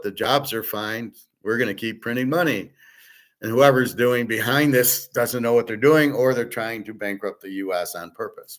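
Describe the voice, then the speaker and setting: A man's voice: lowish voice, a bit bright. A middle-aged man hosting his own show, ranting bluntly and scornfully in an opinionated monologue. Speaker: host.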